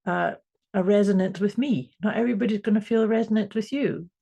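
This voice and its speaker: A woman co-hosting a podcast as a coach, talking thoughtfully and pausing to find her words. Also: mid-range voice, gravelly, mellow. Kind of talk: casual chat.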